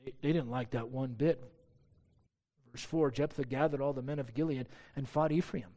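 A man's voice: medium pitch, moderate pace, dark tone. A pastor preaching a sermon to his church, earnest and emphatic, asking many rhetorical questions.

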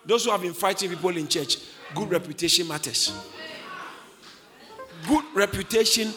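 A male preacher delivering an emphatic sermon, often shouting and getting the congregation to repeat lines. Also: high voice, normal speed, pauses often, over music. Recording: long hall reverb.

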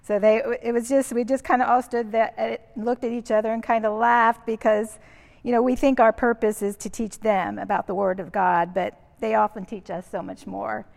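A woman earnestly recounting a church mission trip with gentle humor and frequent "um"s, in a church hall. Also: on the high side, steady tone, normal speed, gravelly. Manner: earnest, warm-humored, uses fillers like um and kinda. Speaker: mission trip member sharing stories. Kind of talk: casual storytelling. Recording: reverberant hall.

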